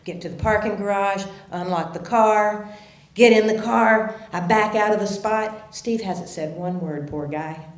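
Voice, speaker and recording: A woman telling a personal story at a live story slam, animated and swinging from hushed tones to loud outbursts. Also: mid-range voice, unhurried, reverberant. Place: theater stage.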